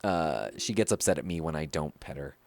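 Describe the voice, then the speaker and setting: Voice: rumbling low, lively intonation, brisk, darkish tone, slight background noise. A gaming streamer giving chatty, giggly play-by-play commentary with lots of fillers. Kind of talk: casual gameplay commentary.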